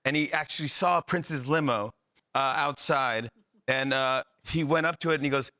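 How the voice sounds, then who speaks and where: A man's voice: on the high side, moderate pace, no echo. A man guesting on a TV talk show, animatedly telling a funny anecdote and acting out the dialogue. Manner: animated storyteller, acts out dialogue. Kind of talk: comic anecdote. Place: TV studio.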